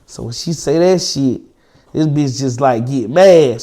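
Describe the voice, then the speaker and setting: A young man, an interview guest, telling a long personal story in slangy, profane, animated casual talk. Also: medium pitch, measured pace.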